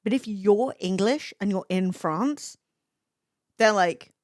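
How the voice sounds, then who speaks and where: A woman's voice: medium pitch, no echo. Profane, chatty woman streamer on a dry mic. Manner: chatty and profane, quick laughing reactions. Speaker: livestreamer. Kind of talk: casual stream chat, reading chat aloud.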